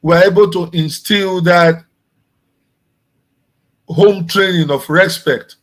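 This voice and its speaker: Male guest from Nigeria, casual conversation, slightly higher voice, easygoing delivery. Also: takes it slowly, poor audio. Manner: relaxed, conversational, with restarts. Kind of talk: casual chat.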